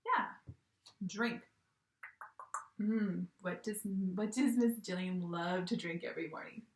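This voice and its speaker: A young woman gives a video lesson to young children from home. She is cheerful and animated, acting out each word as she says it. Her voice carries an echo from the room around her. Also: on the low side, normal speed. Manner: cheerful, animated, acts out words. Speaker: teacher.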